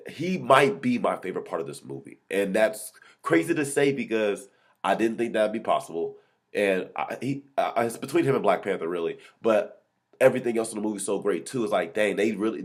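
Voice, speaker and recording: A man hosting his own movie review vlog, talking off the cuff with excitement, rambling and often correcting himself mid-sentence. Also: low voice. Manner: excited, rambling, many restarts and self-corrections. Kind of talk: casual unscripted movie review.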